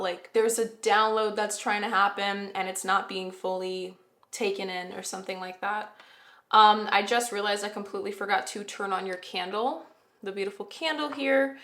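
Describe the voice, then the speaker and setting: A woman with a bright, sharp voice talks through a tarot reading in a loose, chatty way, hedging and correcting herself as she goes. She sounds like she is in an echoey room at home. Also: mid-range voice. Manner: chatty, rambling, self-correcting, with fillers. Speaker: tarot reader. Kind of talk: casual spoken tarot reading to camera. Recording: roomy echo.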